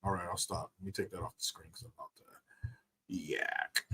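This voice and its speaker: A man's voice: sits low, level tone, fairly quick, bright, forceful tone, breathy edge. A man hosting a livestream and commenting in a mocking, profane, casual way. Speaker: livestream host.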